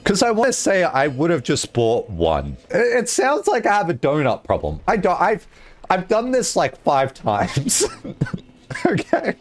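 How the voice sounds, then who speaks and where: A young man streamer telling a story in a casual, animated way while gaming, laughing and swearing often. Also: high voice, unhurried.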